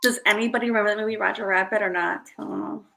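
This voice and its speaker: A woman's voice: medium pitch, steady tone, very fast, vocal fry, sharp tone, faint music behind, low-quality recording. A woman in her thirties chatting casually with her stream viewers, rambling and self-deprecating. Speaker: live streamer.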